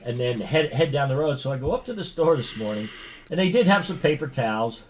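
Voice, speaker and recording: A man's voice: mid-range voice, animated, a little fast, slight background noise. An older man co-hosting a podcast, telling rambling stories in casual chat with crude jokes and frequent laughter. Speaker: podcast co-host.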